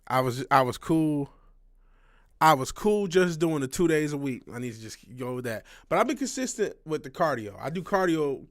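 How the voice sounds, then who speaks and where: A man's voice: mid-range voice, no room sound, studio quality. A man in his thirties talking casually to a livestream audience, rambling and frank, swearing often and restarting his sentences. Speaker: livestream host.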